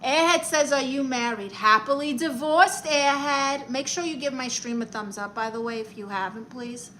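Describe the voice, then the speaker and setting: A woman's voice: high-pitched, normal speed, sharp tone. A woman with a New York accent hosting a casual livestream, reading comments aloud and giving advice in a sassy, theatrical auntie manner. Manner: sassy, theatrical auntie, calls viewers honey and darlings.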